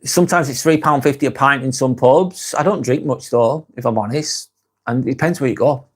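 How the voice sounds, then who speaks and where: A man's voice: medium pitch, brisk, husky. Plain-spoken Lancashire man, swearing freely. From England. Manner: frank, swears freely, muses aloud. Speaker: live-stream host. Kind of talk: casual live-stream chat reading comments.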